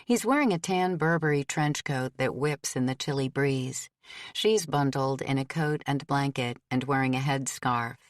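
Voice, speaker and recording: A woman reading a novel aloud as an audiobook narrator, in a measured, steady way. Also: extremely low pitch, no room sound, studio quality. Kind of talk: scripted narration.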